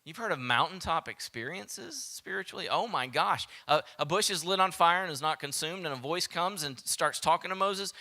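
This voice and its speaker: A man with a Southern American accent preaching a sermon as pastor, animated and acting out quoted voices, sometimes dropping to a hushed whisper. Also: fairly high pitch, moderate pace, few pauses.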